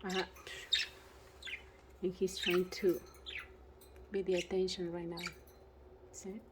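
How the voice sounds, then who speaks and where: A woman's voice: on the low side, little pitch movement, slow pace. A woman vlogging about her pet budgies in casual, often searching for words and talking to the birds. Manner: non-native phrasing, searches for words. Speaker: bird-keeping vlogger. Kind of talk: casual vlog narration and talking to pets. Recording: noisy home recording with budgie chirps.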